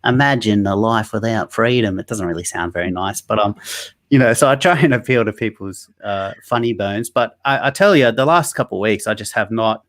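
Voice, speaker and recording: A man's voice: fairly low pitch, lively intonation, fairly quick, fairly bright tone. A man with a nasal Australian accent, chatting as a guest in a casual interview, joking and rambling with many fillers and restarts. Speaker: guest, online activist. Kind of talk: casual interview over a video call. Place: Sydney.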